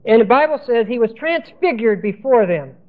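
Male Bible teacher, higher voice, repeats and spells terms, tinny old recording. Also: animated, moderate pace. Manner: spells out Greek words letter by letter, repeats key terms. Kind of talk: Bible lesson sermon.

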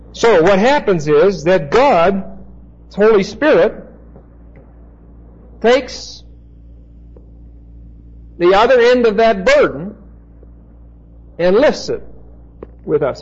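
A man teaching a Bible passage as a preacher, slow and deliberate, pausing to spell out Greek words. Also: high-pitched, a little mellow, slightly rough, highs cut off.

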